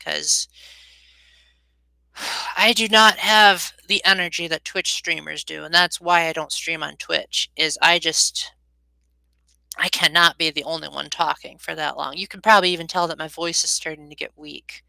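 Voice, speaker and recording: A young woman talks casually to her live-stream viewers, wandering off mid-sentence and filling gaps with ums. Her voice sits a little low but sounds bright and forceful, recorded close and dry with no room around it. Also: steady tone, normal speed, vocal fry, dry recording, poor audio. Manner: rambling, loses her train of thought, frequent ums.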